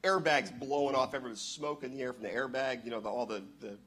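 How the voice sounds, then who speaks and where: A man telling a story in church on a handheld microphone, excitable and bursting into loud exclamations. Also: mid-range voice, fast talker. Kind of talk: animated storytelling.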